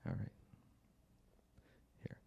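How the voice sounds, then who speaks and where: A young man stretches out his words as he tells a story at church, acting out the people he quotes in a lively way. The recording loses its highs and carries a faint hiss or hum.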